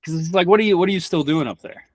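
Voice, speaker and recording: A man's voice: fairly high pitch, racing, dry recording. Podcast guest, young Kentucky man, stammering restarts, blunt and profane, dry mic. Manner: rambling, frequent restarts and stammered repeats; blunt, swears freely. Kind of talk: casual conversation.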